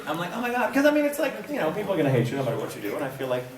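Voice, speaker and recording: Animated wry man at a convention panel. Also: a little high, racing, very noisy. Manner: animated, wry, self-mocking, laughs often. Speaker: voice actor and panel guest. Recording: echoey convention hall, distant mic, crowd.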